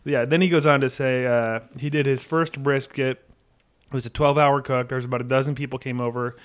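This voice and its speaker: A man's voice: medium pitch, a little fast, clear, resonant tone. A man co-hosting a podcast in casual chat, telling stories in an easygoing way with fillers. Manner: easygoing storyteller, relaxed with fillers. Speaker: podcast co-host.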